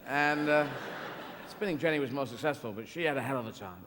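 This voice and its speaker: A man's voice: mid-range voice, expressive, quick pace, noisy background. A man doing live stand-up comedy, rambling playfully with tangents and restarts, on a large theater stage. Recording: echoey live hall with audience. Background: audience laughter.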